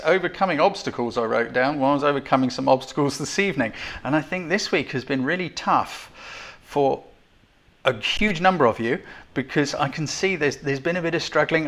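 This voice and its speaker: A man's voice: a little high, a bit bright. Chatty English man hosting a photo live stream. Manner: chatty, self-deprecating, apologetic, thankful. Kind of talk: casual live-stream chat. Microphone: desk mic with levels being adjusted.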